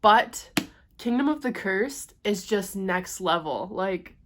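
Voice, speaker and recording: A young woman chatting at home in a casual book vlog, gushing and excitable. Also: medium pitch. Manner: gushing and excitable, quick to squeal. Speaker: book vlogger.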